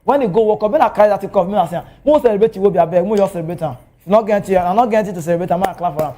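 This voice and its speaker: A man with a Nigerian accent talking football as a TV pundit, animated and excitable. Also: very fast. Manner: animated, excitable, swings pitch. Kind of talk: TV football commentary in Pidgin. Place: TV studio.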